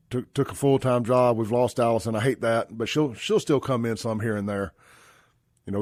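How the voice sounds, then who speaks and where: A man's voice: mid-range voice, no room sound, clean studio sound. A man from Mississippi hosting a talk radio show, blunt and folksy, calling listeners brother. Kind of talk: conservative talk radio commentary.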